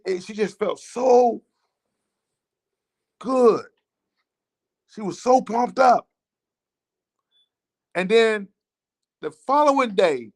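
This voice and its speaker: An impassioned Southern American man with a higher, slightly bright voice gives a monologue as a show host advocating for a teachers' association. His emotional storytelling is repetitive, and his indignation keeps rising.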